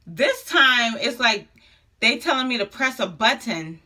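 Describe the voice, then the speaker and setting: Young woman vlogger, bright and slightly high voice, animated and slangy, laughs often. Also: unhurried. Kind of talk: casual storytelling to camera.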